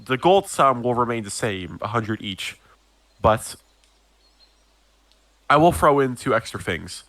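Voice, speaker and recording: A man's voice: medium pitch, animated, measured pace, a bit bright. A man voicing a polite, businesslike small-town mayor in a tabletop game, rambling with hesitations. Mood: formal.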